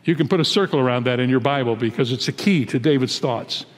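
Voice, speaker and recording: An American man in his eighties, a pastor giving an emphatic, deliberate sermon in a large church. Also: mid-range voice, in a large hall. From United States. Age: 80s. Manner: emphatic, deliberate preaching that rises into pleading when quoting prayers.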